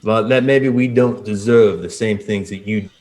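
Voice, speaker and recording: A man's voice: on the low side, normal speed, a little mellow, natural voice. A man voicing a folksy, self-important male minister who drawls and calls the players "you boys.". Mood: earnest.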